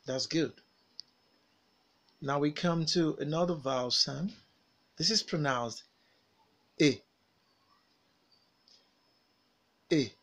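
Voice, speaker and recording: Speaking in a fairly high, somewhat bright voice, a male phonics teacher drills pronunciation slowly and carefully. He over-articulates vowels and example words, then pauses for students to echo him.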